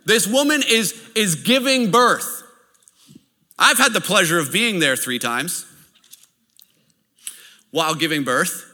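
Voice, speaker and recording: A man preaching a sermon as a pastor. He tells stories in a lively way and keeps checking in with his listeners. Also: high voice, slow, long pauses. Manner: lively storytelling, checks in with the audience. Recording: long hall reverb.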